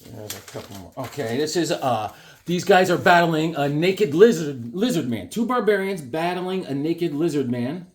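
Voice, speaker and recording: Animated man chatting to camera. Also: a little high. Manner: animated, jumps into quick silly voices and shouts. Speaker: vlogger showing his drawings and comics. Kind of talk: casual chat to camera.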